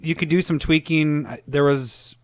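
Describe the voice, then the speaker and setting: A man's voice: on the high side, normal speed, dry recording, studio quality. A man co-hosting a podcast about a card game, talking casually, rambling and laughing often. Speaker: podcast co-host.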